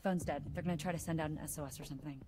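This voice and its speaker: A woman's voice: sits low, fairly even intonation, very fast, dark tone, a little hiss or hum, natural voice. An actress playing a practical young woman who takes charge in a horror game. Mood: determined. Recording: game audio under music.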